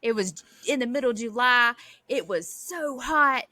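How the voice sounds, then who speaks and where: A woman, co-hosting a podcast and telling a family story in a lively, laughing way. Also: fairly high pitch, moderate pace, no room sound. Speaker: podcast co-host. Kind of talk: casual storytelling.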